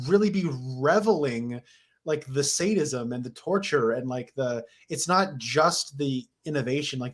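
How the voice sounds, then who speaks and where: A man co-hosting a film podcast, talking enthusiastically in casual chat with lots of filler words. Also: a little high. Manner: enthusiastic, many "like" fillers and restarts. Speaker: podcast co-host.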